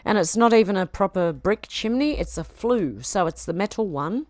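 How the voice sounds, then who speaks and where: A woman's voice: mid-range voice, lively intonation, moderate pace, a little mellow, no room sound. An Australian woman on a casual home live stream, reading chat comments aloud and chiding her cat between them.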